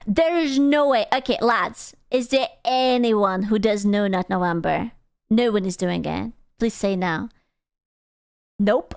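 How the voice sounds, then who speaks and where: A woman's voice: mid-range voice, measured pace, gravelly, darkish tone, clear, resonant tone, dry recording, studio quality. A young adult woman streaming live, chatting casually with viewers in crude, teasing banter and bursts of playful squealing.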